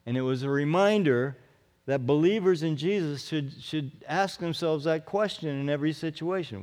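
Male pastor, unhurried and emphatic sermon delivery, slightly raised pitch, long hall reverb. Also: darkish tone. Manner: earnest, emphatic, repeats phrases.

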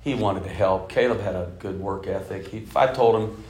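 In an echoey church sanctuary, a low-voiced man in his fifties preaches to his congregation a little fast. He's a storytelling preacher who swings from loud, forceful emphasis to soft, near-whispered, hushed delivery.

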